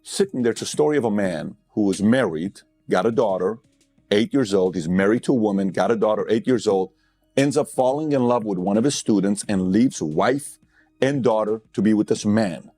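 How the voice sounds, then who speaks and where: A man's voice: lowish voice, expressive, normal speed, mellow, soft background music. A man giving a motivational speech, blunt and conversational, telling stories with emphatic, impassioned build-ups. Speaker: motivational speaker.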